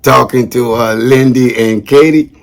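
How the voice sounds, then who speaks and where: A man's voice: medium pitch, fairly even intonation, a little slow, vocal fry. A man casually talking to camera as a vlogger, upbeat and rambling, with lots of slang and a habit of tacking "man" onto his sentences. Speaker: vlogger shouting out veterans.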